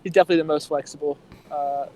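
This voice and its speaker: A man's voice: on the high side, steady tone, very fast, darkish tone, a little hiss or hum, poor audio. A man giving his firm opinions as a guest in a casual gaming interview. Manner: opinionated, emphatic. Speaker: team player, guest. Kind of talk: casual chat over voice call.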